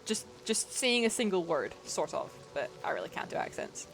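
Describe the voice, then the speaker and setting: A woman's voice: on the low side, very animated, moderate pace, over music. A woman streaming a video game, chatting casually, reacting to the game and greeting viewers in a playful, self-deprecating way. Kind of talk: casual gameplay commentary.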